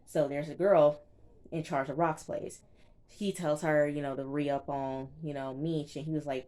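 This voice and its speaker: Young woman recapping a tv episode, low voice, chatty and slangy. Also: steady tone, a little slow, mellow. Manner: chatty, slangy, retells scenes with quoted dialogue. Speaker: TV recap vlogger.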